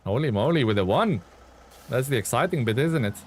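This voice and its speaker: Excitable man chatting on a game stream. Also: mid-range voice, a little fast, a little hiss or hum. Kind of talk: casual live-stream chat while playing.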